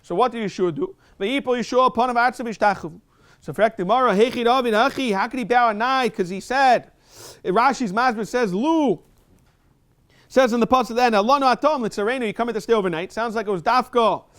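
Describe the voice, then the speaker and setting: A man giving a fast Talmud class in a synagogue, reading Hebrew and Aramaic quotes and explaining them in English. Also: very high-pitched, fairly bright tone. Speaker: rabbi teaching Talmud. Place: synagogue study hall.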